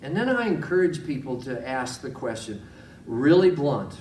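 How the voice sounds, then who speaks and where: A man's voice: mid-range voice, very animated, normal speed, darkish tone, recorded from a distance, slight background noise. A male chaplain giving a sermon-style teaching talk, folksy, telling stories and putting direct questions to his listeners. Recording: roomy echo, voice from off-mic.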